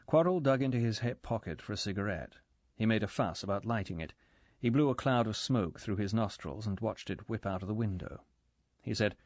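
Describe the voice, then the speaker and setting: A man reading an audiobook in measured, even scripted narration. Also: fairly low pitch, dry recording.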